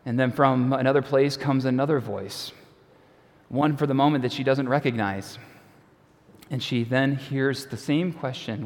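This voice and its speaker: A man preaching a sermon in a conversational, wry way, letting his phrase endings drop off quietly. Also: medium pitch, steady tone, normal speed. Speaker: pastor. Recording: long reverb of a large hall.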